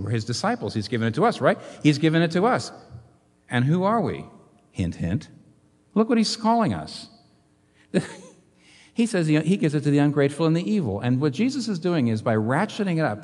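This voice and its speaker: A man preaching a sermon as pastor, in an animated way full of rhetorical questions. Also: mid-range voice. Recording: long hall reverb.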